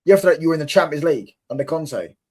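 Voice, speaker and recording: A man's voice: fairly high pitch, lively intonation, rapid-fire, a little mellow. A young man co-hosting a football watchalong, quizzing and teasing his co-host in slangy casual chat.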